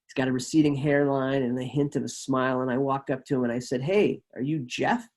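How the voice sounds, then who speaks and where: A man telling a personal story at a live show, animated and acting out the people he quotes. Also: mid-range voice, fast.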